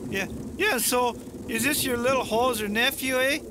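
A folksy Canadian camper. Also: male voice, extremely high pitch, normal speed, noisy background. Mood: friendly. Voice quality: drawling folksy, tacks on "eh" everywhere. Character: jolly Canadian camper man, chatty backwoods brother.

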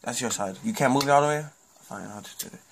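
A woman playing a table game at home, competitive and full of loud cheers and groans. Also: rumbling low, quick pace, vocal fry. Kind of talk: excited casual play. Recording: noisy home recording.

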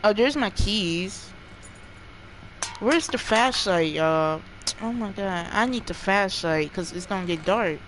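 A gaming streamer giving live commentary while playing, jumpy, often yelling and laughing and talking to the chat. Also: mid-range voice, expressive, slow, slight background noise, low-quality recording.

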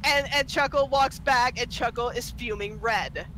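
A woman streamer telling a story in casual chat, animated and laughing often as she acts out what others said. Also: on the high side, measured pace, a little hiss or hum, poor audio. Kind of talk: casual storytelling over gameplay.

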